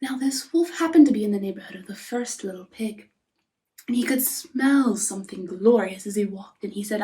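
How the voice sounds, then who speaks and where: A woman narrating a fairy tale softly, often dropping into a whisper. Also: medium pitch, distant mic. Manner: soft, often whispering, unhurried. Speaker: storyteller. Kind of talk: storybook narration.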